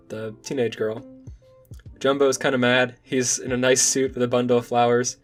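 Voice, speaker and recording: Young man, manga review vlog, casual recap, enthusiastic, mid-pitched voice.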